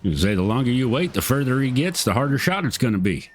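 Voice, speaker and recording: A middle-aged gamer tossing off profane, wry remarks while he plays. His pitch rises and falls in lively swings. Faint music runs underneath. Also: quick pace. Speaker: streamer. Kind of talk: casual gameplay commentary.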